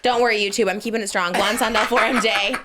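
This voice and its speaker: An American woman in her thirties hosting a podcast, chatting casually in a gushing, excitable, self-mocking way. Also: medium pitch, fast talker, a crowd in the background. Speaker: podcast host. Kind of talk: casual chat.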